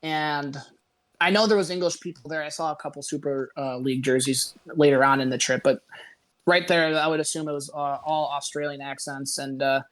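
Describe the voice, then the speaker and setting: A young man from the United States, a podcast guest telling a travel story in a relaxed, chatty way and quoting people he met. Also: fairly high pitch, fairly quick.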